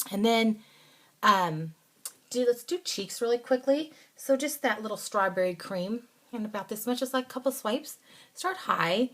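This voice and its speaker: Chatty woman demonstrating makeup. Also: medium pitch. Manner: chatty, instructive, trails off into soft asides. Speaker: makeup tutorial host. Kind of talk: casual step-by-step demonstration. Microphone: phone or camera close by.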